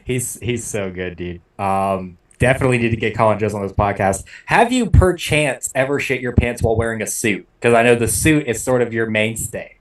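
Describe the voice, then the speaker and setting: A man's voice: mid-range voice, expressive, normal speed, hardly any pauses, distant mic. A man hosting a comedy podcast, joking and riffing on a guest's stories in casual chat. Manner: jokey, laughs along, riffs on the guest's stories. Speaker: podcast host.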